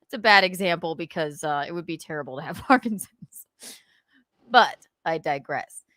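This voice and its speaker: A woman hosting a casual live stream, animated and swearing as she acts out scenes. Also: low voice, dry recording, clean studio sound. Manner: animated, swearing, acting out scenes with quick voices. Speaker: podcast host.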